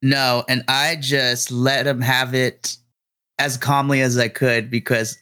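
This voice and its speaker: A man, a middle school teacher, co-hosting a casual podcast chat and telling a classroom story in an animated, blunt, frustrated way. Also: medium pitch, takes it slowly, dry recording, clean studio sound.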